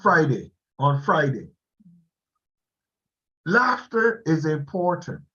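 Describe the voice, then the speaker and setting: Guy giving a slow pep talk to an online class, kinda high voice, laughs a lot, muffled call audio. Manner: slow, animated, laughs often. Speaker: speaker addressing an online class. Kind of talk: motivational talk on a video call. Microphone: video call.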